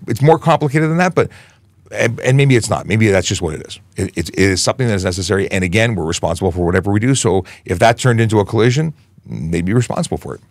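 A man who is a police media relations officer, hosting a casual Q&A livestream and answering viewer questions in a conversational, animated way with frequent restarts. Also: fairly low pitch, dry recording. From Canada.

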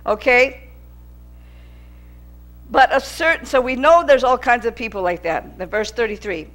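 Higher-pitched lady preaching a bible class, earnest, repeats herself a lot. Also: moderate pace, pauses often. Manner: earnest, repetitive preaching that gets louder with emphasis. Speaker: Bible teacher. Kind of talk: sermon teaching.

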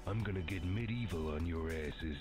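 A swaggering game hero, played by a man, with a very deep voice, tossing out tough-guy one-liners. Game music is clearly heard behind him. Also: moderate pace, lightly acted. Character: cocky gruff male action hero.

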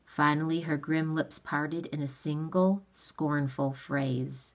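A woman reading a novel aloud in a steady, measured storytelling manner. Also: low-pitched. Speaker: audiobook reader. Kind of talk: read-aloud narration of a novel.

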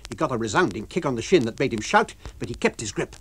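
A man reading a novel aloud for radio, with an expressive, varied storytelling delivery. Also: medium pitch, quick pace, breathy edge. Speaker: reader.

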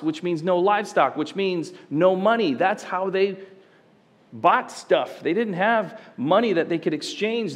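A man's voice: high-pitched, in a large hall. A male pastor preaching a sermon in a church, conversational and storytelling, slipping into acted quotes. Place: church sanctuary.

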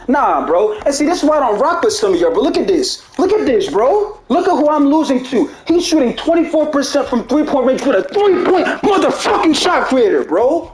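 A man's voice: extremely high pitch, sing-song, brisk, few pauses, a little mellow, echoey room, a little hiss or hum, poor audio. A man who makes gaming videos, angrily ranting to his viewers in a profane, repetitive way. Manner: angry, profane, repeats himself, ends lines with "bro". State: heated. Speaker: gaming YouTuber. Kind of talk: heated gameplay rant to viewers.

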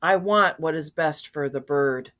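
Grandma doing a kindly old sultan, gentle father, soft storybook voice, slow, lowish. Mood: fatherly. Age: older.

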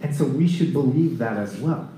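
A man preaching a conversational sermon at a recovery ministry, telling scripture stories in an animated way. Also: mid-range voice, moderate pace, slight background noise. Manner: animated storytelling, acting out scripture scenes. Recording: echoey room.

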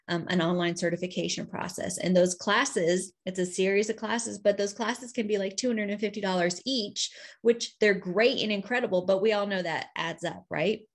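A woman presenting casually on a video call, chatty and heartfelt, with many fillers. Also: mid-range voice. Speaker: state program director.

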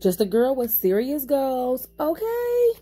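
Young female vlogger, effusive and sassy, warm low tone, unhurried delivery. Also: faint music behind. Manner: animated, sassy and effusive, addresses viewers as y'all and honey. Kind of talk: casual vlog chat.

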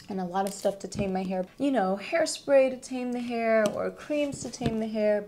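A woman's voice: mid-range voice, mellow. A young woman vlogging to camera, chatting with enthusiasm about beauty products and talking to her viewers as guys. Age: young adult.

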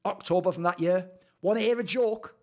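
A man in a sarcastic, profane commentary on old tweets, swinging between loud outbursts and low mutters. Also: normal speed. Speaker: esports commentator and YouTuber.

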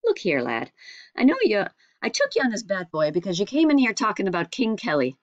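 A woman voicing an older team manager, a gruff man. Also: medium pitch, wildly swooping pitch, fairly quick, no echo, highs cut off, voice pushed up. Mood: firm.

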